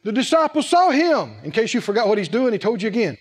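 A man preaching a sermon in an animated, humorous way, laughing often and calling out to the congregation. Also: very high voice, quick pace.

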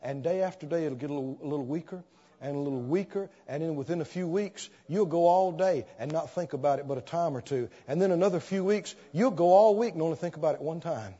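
A man preaching a sermon, telling an animated story and acting out the scenes as he goes. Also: a little high, fast talker. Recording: dull sound, long hall reverb.

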